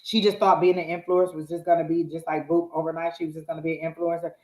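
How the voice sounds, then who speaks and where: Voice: medium pitch, little pitch movement, fast, darkish tone. A live-stream co-host chatting casually, speaking emphatically and straight to the viewers. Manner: emphatic, addresses the viewers directly. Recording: roomy echo.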